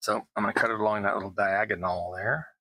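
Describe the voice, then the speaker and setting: A man's voice: fairly low pitch, steady tone, quick pace, pushed and bright, low-quality recording. A middle-aged man, chatting casually as he builds tabletop terrain, rambling and poking fun at himself. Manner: chatty, self-deprecating, rambling asides. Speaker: terrain crafting YouTuber. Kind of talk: casual crafting narration.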